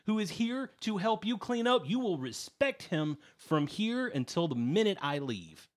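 A man's voice: on the high side, steady tone, measured pace, pitched above the performer's own voice, lightly acted. A man voicing a short, fierce gnome warrior who lectures a bully indignantly.

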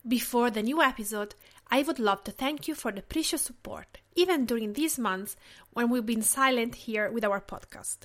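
A woman from Tuscany with an Italian accent, reading her cooking podcast in a gentle, measured way. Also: fairly high pitch. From Tuscany, Italy. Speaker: podcast host. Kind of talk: scripted podcast narration.

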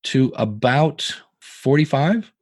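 A man's voice: mid-range voice, slow pace, no echo. Chatty man in his fifties, dry sound. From Northeast Ohio. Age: 50s. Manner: chatty storyteller, animated quoting of others. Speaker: podcaster and guitarist guest. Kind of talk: casual interview chat.

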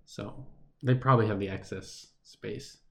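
A man's voice: lowish voice, unhurried, gravelly. A man hosting a casual chat who rambles through stories and trails off into mumbles.

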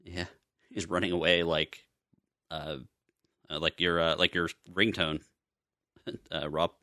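A man's voice: low voice, little pitch movement, slow, sharp tone, no room sound, studio quality. A man co-hosting a podcast in casual chat, rambling with chuckling asides. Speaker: podcast co-host.

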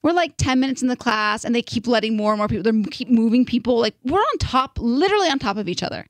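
High, chatty young woman storyteller. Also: quick pace, no room sound. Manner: animated, filler-heavy storytelling with "like". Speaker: podcast co-host. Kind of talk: casual storytelling chat.

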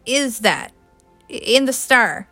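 A woman's voice: fairly high pitch, expressive, takes it slowly, sharp tone, soft background music, exaggerated voice. A woman reading the part of a tired young new mother with a dry, sardonic way of speaking, in an audiobook. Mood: wry.

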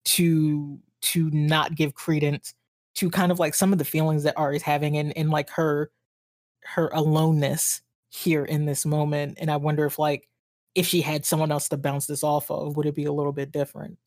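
Woman with a low voice on a book podcast, lots of "like" and restarts, dry close sound. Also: little pitch movement, normal speed, darkish tone, no echo. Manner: hesitant, restarts, many fillers like "like". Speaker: podcast co-host. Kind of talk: casual book discussion.

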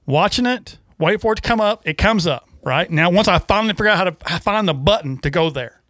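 A man co-hosting a casual fishing talk show, animated and rambling, with many restarts. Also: sits high, quick pace, dry recording, studio quality. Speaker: co-host.

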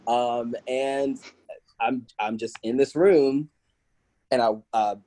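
A man chatting as a podcast guest, telling stories in a loose, conversational way. He slips into other people's voices as he retells events and laughs easily between lines. His speaking voice sits at a middling pitch. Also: slow, no room sound, poor audio. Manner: animated, acts out quoted voices, laughs often. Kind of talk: casual storytelling interview.

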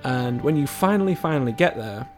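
A man co-hosting a casual podcast, telling a video game story in a relaxed way with some swearing. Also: mid-range voice, fairly quick, soft background music. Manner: laid-back storytelling, frequent swearing and laughs. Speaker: podcast co-host. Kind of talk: casual chat about video games.

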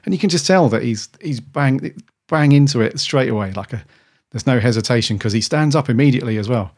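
A man's voice: mid-range voice, animated, fairly quick, darkish tone. A man co-hosting a podcast in casual chat, rambling enthusiastically with frequent restarts. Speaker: podcast co-host.

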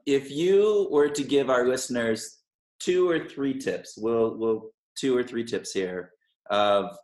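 Podcast host, mid pitch, encouraging, roomy echo. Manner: encouraging, laughs readily. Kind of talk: casual interview chat.

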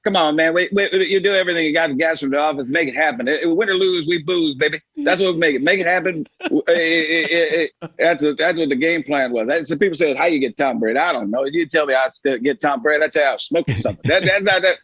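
A man's voice: a little high, fast talker, fairly bright tone, husky, no echo, muffled recording. A man doing an impression of a brash, folksy older male football coach who rambles through catchphrases. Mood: brash, hyped.

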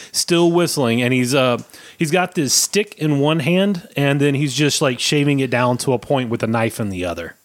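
A man narrating a tabletop game as game master in a relaxed, halting way. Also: medium pitch, no room sound.

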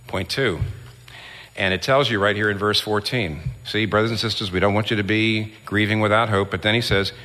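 A man's voice: lowish voice, steady tone, brisk, bright, forceful tone. A male pastor preaching an earnest sermon that builds to emphatic peaks. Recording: long hall reverb.

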